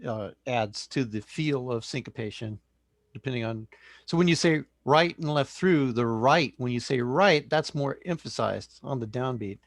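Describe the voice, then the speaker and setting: A man talks with a lively, up-and-down voice during a video-call discussion, asking questions as he makes his points. The sound is close and dry. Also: mid-range voice, moderate pace, no echo. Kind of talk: online group discussion.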